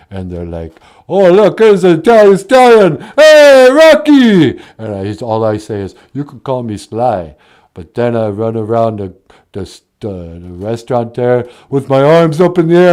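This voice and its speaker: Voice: mid-range voice, a little mellow, clean tone, close to an everyday voice. A performer doing a mumbling tough-guy impression of a washed-up male movie star, drawling. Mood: proud.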